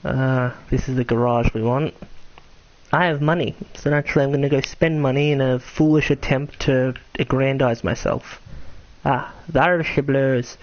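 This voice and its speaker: A man's voice: mid-range voice, fairly even intonation, normal speed, muffled recording. A young man rambling through casual gameplay commentary, swearing freely and mocking himself, his voice tired and prone to cracking. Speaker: streamer.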